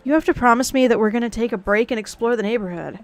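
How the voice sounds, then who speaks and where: A woman voicing a sarcastic teenage daughter in her last year of high school, trading deadpan banter. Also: fast, soft background music, natural voice. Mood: playful. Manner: snarky, deadpan teen banter.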